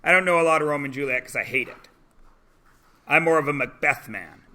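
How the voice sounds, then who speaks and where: In his forties, a high school English teacher addresses his class quickly, sounding animated, sarcastic and jokey throughout.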